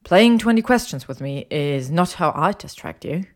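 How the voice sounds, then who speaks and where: A cocky, sardonic young wizard with a low, dry and clipped delivery, voiced by a woman reader. He sounds sarcastic and quick to anger, in a storybook read aloud. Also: expressive. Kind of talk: audiobook character voice.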